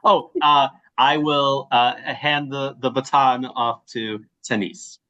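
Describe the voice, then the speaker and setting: A playwright from the Chicago area with a Midwestern accent, introducing himself casually in a hesitant, self-deprecating way. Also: male voice, mid-range voice, steady tone, slow, pushed and bright. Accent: Midwestern American. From Chicago area, USA. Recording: dull lo-fi audio.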